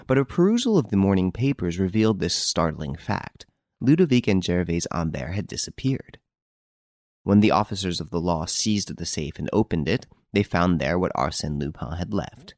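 A man narrating a classic novel as an audiobook, in a measured, formal storytelling manner. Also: low-pitched, very animated, darkish tone, dry recording, studio quality. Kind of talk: scripted narration.

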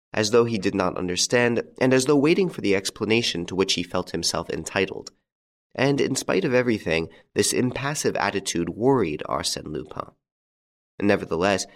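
Deep gravelly male audiobook narrator. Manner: measured, dramatic storytelling. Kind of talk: scripted narration.

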